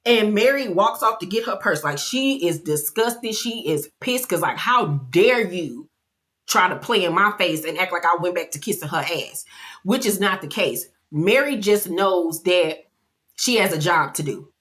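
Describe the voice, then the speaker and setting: A woman giving a casual, animated, gossipy episode recap. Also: lowish voice, a little slow. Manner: animated, gossipy storytelling, acts out quotes. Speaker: vlogger.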